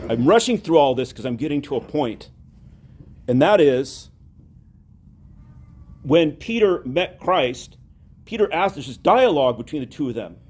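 A man preaching a homily, telling a story with lively acted-out dialogue. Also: mid-range voice, husky. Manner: animated storytelling, acts out quoted dialogue.

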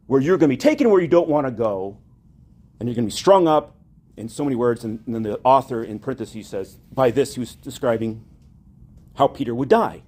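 A man preaching a homily, telling a story with lively acted-out dialogue. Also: medium pitch, quick pace, husky. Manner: animated storytelling, acts out quoted dialogue.

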